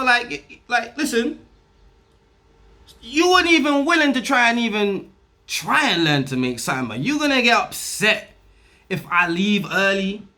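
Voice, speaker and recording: Loud, animated young man ranting. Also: sits high. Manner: loud, animated and crude, acting out both sides of an argument. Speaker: vlogger telling a story. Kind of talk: storytime rant to camera.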